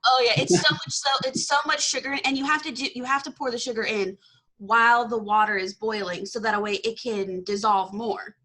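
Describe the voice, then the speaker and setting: A woman's voice: a little high, a little fast. A young woman from Texas, hosting a casual podcast chat and laughing often. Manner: bubbly, laughs often, excitable. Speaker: podcast host.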